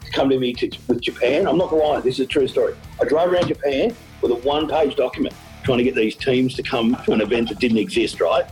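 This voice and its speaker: This is a middle-aged man with an Australian accent who tells his story with lively energy, laughing and playing out the voices of the people in it. His voice sits at an ordinary pitch. Faint music plays behind him. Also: fast talker, poor audio. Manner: animated storyteller, laughs often, acts out quotes. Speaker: event organizer. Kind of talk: storytelling interview.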